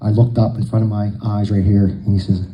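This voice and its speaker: A man's voice: lowish voice, little pitch movement, a little fast, highs cut off. A man telling long jokes to a live crowd, a folksy storyteller who acts out the dialogue.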